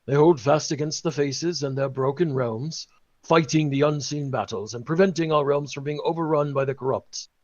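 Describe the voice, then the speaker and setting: A man performs a solemn old keeper of lore who speaks in a grave, declamatory tone. The voice sits a little high. The recording is dull and lo-fi. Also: normal speed, a little mellow, close to an everyday voice. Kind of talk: reading lore excerpt in character.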